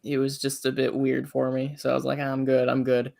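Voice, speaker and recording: A man's voice: mid-range voice, monotone, gravelly, a little mellow. A young man co-hosting a livestream review in casual chat, stumbling and restarting as he reads notes aloud. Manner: halting, restarts often when reading aloud.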